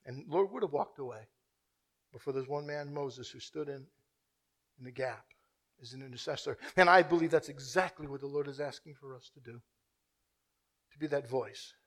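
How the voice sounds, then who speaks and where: A man preaching a sermon, swinging from loud, urgent repeated questions to a hushed, quiet prayer. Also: medium pitch, normal speed, pauses often.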